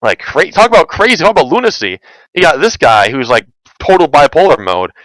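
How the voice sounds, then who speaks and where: A man's voice: fairly high pitch, sing-song, fairly quick, fairly bright tone, no echo, low-quality recording. A man telling a long story in a casual, rambling way, full of "like" and "um", and sounding exasperated. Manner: rambling, heavy use of "like" and "um" fillers, exasperated. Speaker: vlogger recounting online community drama.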